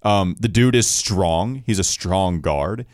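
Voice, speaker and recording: Low-voiced man hosting a sports podcast. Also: slow pace, darkish tone, no room sound, clean studio sound. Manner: laughs easily, talks through stats and picks. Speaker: podcast host. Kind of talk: casual sports podcast chat.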